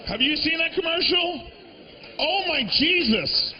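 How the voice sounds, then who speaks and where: A man doing a stand-up comedy set on a live stage, brash and profane, breaking into shouted rants into a handheld mic. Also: very high voice, expressive, unhurried, big-room sound, slight background noise. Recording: dull lo-fi live recording.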